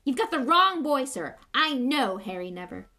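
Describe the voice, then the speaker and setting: A woman's voice: high-pitched, big pitch swings, moderate pace, bright, forceful tone, voice pushed up, exaggerated voice. A woman reading aloud and voicing a big, loyal, blustery gamekeeper who rants urgently. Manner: urgent, ranting.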